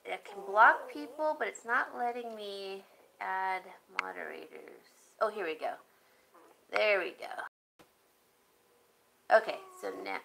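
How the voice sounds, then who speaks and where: A woman's voice: mid-range voice, very animated, gravelly, sharp tone, a little hiss or hum, poor audio. A woman chatting casually on a live stream, showing jewelry and muttering to herself as she fiddles with her phone. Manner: unhurried, chatty, self-talk while fiddling with her phone.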